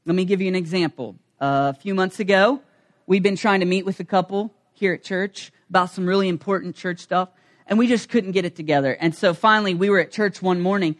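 Middle-aged pastor guy, pretty high voice, funny animated sermon storytelling. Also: a little fast. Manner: animated, humorous, acts out voices.

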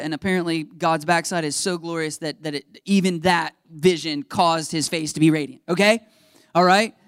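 A male pastor giving a casual, animated sermon in a church, acting out the people in his stories. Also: high-pitched, clean tone, dry recording, clean studio sound. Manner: animated storytelling, acts out voices. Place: church sanctuary under stage lights.

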